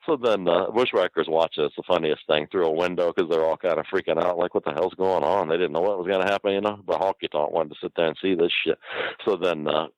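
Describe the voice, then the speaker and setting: A man's voice: low voice, fast, dry recording, highs cut off. An older man, a guest, telling a rambling, profane anecdote in casual chat and laughing as he goes.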